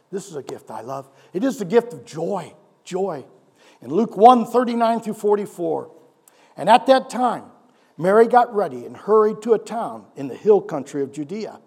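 A man pastor preaching a sermon, animated, asking the congregation rhetorical questions and swinging between loud and hushed delivery. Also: high-pitched, vocal fry, husky.

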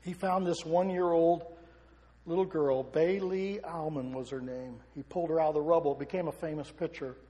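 In a big hall with long reverb, a middle-aged pastor preaches passionately, asking question after question. His slightly high voice has a dark tone and fairly even intonation, and his pace is moderate.

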